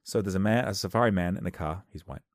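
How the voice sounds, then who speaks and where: A man doing a rambling comic monologue into a close microphone, wry and self-interrupting, with sudden loud outbursts. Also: deep voice, fast talker, no echo. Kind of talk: comedic podcast monologue. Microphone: close studio microphone.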